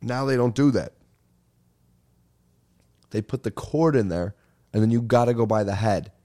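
A young man hosts a podcast, ranting casually and animatedly for comedic effect, swearing and calling everyone "dude." His voice is medium-pitched and warm, at a moderate pace.

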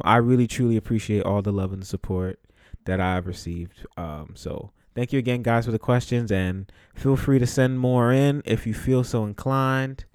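On his own podcast, a young host from the Bronx, New York, relates a story in a loose, casual way, full of swearing and laughter. He has a fairly low, darkish voice, recorded dry with clean studio sound.

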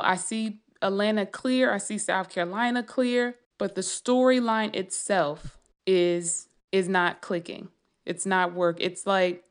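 A woman's voice: mid-range voice, clear, resonant tone. A woman writer rambling through a casual late-night monologue, thinking aloud with many restarts and trailing thoughts.

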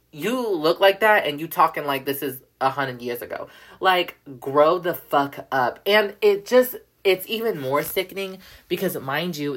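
Low-voiced woman ranting, profane and heated. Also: fairly bright tone. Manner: profane, heated, fills every sentence with "like" and "bro". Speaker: podcast host. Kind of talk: casual solo podcast rant.

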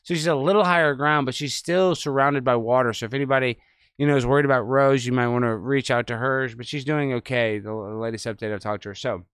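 A man hosting an online show, commenting sarcastically on news clips in a loose, animated way. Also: mid-range voice, fast, clean tone, dry recording, studio quality. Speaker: host.

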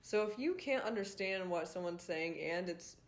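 A woman's voice: lowish voice, animated, moderate pace. A young woman telling a rambling story to her viewers, chatty and loose, full of likes, ums and swearing. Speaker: vlogger. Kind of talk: casual storytime vlog.

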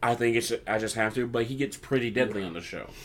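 A man's voice: medium pitch, fast talker, a bit bright, slight background noise. A young man hosting a casual podcast, chatting through a wrestling recap and acting out lines he quotes. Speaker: podcast host.

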